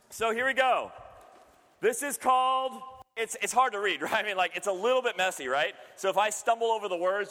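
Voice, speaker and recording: A high-pitched man gives a loose, chatty sermon, cracking jokes and laughing as he talks to the room. His voice rings out through a large hall with a long, lingering reverb. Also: sharp tone. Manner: chatty and joking, laughs often. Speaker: preacher. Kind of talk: casual sermon to a youth group.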